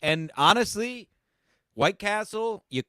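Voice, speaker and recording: A man's voice: sits high, expressive, takes it slowly, bright, forceful tone, clear, resonant tone, dry recording. Teasing mock-earnest man podcaster. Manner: teasing, mock-earnest, asks leading questions. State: coughing. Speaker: podcast co-host. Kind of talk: casual podcast banter.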